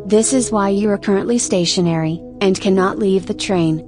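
A woman voicing a cold, calculating announcer who taunts a trapped train passenger in a calm, formal way, with ambient music behind. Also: mid-range voice, normal speed, close to an everyday voice. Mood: coldly polite. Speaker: story contributor. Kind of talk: first-person story reading.

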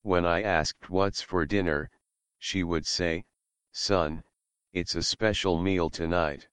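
A man reading dark short stories in a measured, deadpan way. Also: sits low, clear, resonant tone, no room sound. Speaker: story contributor.

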